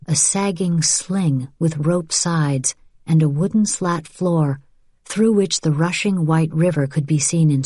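A woman reading a novel aloud as an audiobook narrator, in even, measured storytelling. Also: sits low, dry recording, studio quality. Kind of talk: scripted narration.

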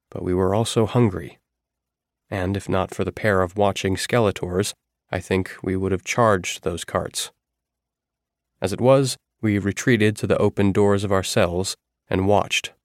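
A man narrating a first-person audiobook in a steady, measured way. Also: on the low side, dry recording, clean studio sound.

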